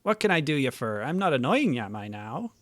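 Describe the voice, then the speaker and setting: A man's voice: medium pitch, sing-song, fairly quick, a bit bright, dry recording. A man voicing a pirate-talking male game character, reading the game's dialogue in a hammy, sing-song pirate voice.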